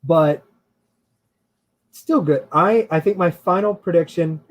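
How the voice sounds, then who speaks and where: A man's voice: on the high side, slow pace, rough recording. A man co-hosting a casual chat show who laughs often and hedges his opinions as he rambles along. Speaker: podcast co-host.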